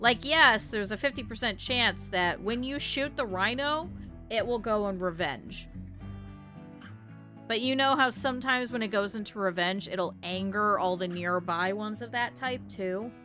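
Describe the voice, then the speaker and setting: Bright-voiced woman streaming a game. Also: medium pitch, measured pace, faint music behind. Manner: swears and complains at the game in bursts. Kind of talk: casual gameplay commentary.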